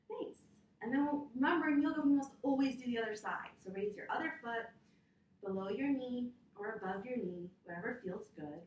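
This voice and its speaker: A woman teaching yoga to children, reading a story aloud in a gentle, encouraging way and roaring and meowing with them. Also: on the high side, brisk, far from the mic, dull audio, a little hiss or hum. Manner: gentle, encouraging, playful animal sounds. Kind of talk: storytime with kids' yoga instruction. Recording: echoey room.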